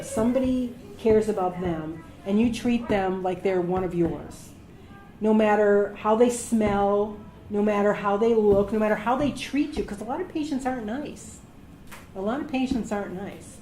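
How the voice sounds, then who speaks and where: A middle-aged woman, a medical assistant, giving career advice to students as a lively storyteller who acts out the voices of people she quotes. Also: mid-range voice, normal speed. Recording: echoey room with faint noise.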